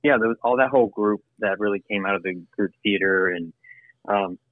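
A man being interviewed about his work as an actor and producer, talking in a loose, animated way with frequent laughs and restarts. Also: on the low side, brisk, no echo. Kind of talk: casual interview conversation. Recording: phone-like remote line.

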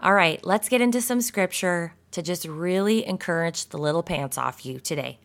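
A woman hosting a devotional podcast, speaking encouragement to mothers and reading scripture aloud with warm enthusiasm and the odd laugh or sigh. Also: on the low side, moderate pace. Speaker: podcast host.

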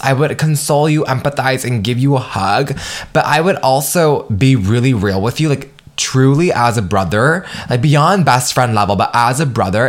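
Bubbly young man hosting a podcast. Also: medium pitch. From United States. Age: 20s. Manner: bubbly and slangy, cusses freely, goes off on tangents. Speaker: podcast host. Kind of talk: casual solo podcast monologue.

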